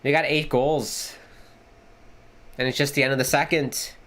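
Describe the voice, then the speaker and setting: A man hosting a live sports watchalong, giving casual commentary and reacting excitedly to the plays with casual swearing. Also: medium pitch, a little slow. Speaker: livestream host.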